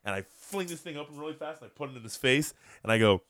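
A man hosting a casual podcast, telling a bar story in a loose, profane, animated way. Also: fairly high pitch, fast talker, hardly any pauses, no echo, clean studio sound. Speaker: podcast host.

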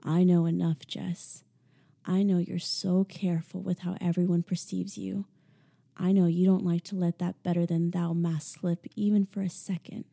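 A woman voicing a teasing, controlling young man who speaks softly and calmly in an audiobook. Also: on the low side, creaky. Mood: low stern. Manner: soft, slow, menacing calm.

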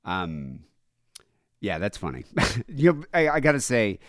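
Lively low-voiced male podcast host. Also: a little slow, no room sound, studio quality. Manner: rambling, laughing, lots of fillers. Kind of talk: casual chat.

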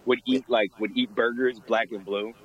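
A man's voice: mid-range voice, fairly even intonation, normal speed, breathy edge, muffled recording. A young man being interviewed about bartending. He rambles casually, fills his talk with fillers and laughs often. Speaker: guest, former bartender.

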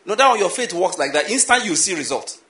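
A man preaches in a voice pitched slightly above the usual and cutting bright. He repeats key lines and throws questions at the congregation. The sound bounces around a roomy, echoing hall. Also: fast talker. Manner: animated, repetitive preaching with rhetorical questions. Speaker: pastor. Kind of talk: sermon.

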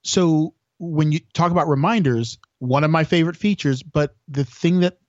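A man's voice: a little high, moderate pace, a little mellow, no room sound, lo-fi sound. A man chatting as a podcast guest, telling long stories with lots of restarts. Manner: rambling storyteller with many restarts. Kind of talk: casual chat.

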